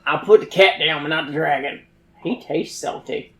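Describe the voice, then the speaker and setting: A player voicing a slow, low mother dragon. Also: a bit bright, reverberant, close to an everyday voice. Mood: smug. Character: protective mother dragon, huge and blunt.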